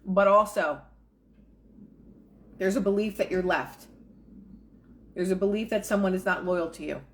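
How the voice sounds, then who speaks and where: A woman's voice: mid-range voice, measured pace, a little hiss or hum. Woman reading and musing on manifesting. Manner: casual, conversational asides with quoted inner voices. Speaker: manifestation coach. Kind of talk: reading a book aloud and commenting.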